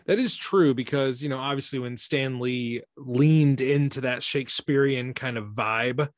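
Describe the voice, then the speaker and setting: A man's voice: mid-range voice, unhurried, dry recording, clean studio sound. A man co-hosting a casual movie chat, musing aloud, asking questions and laughing easily.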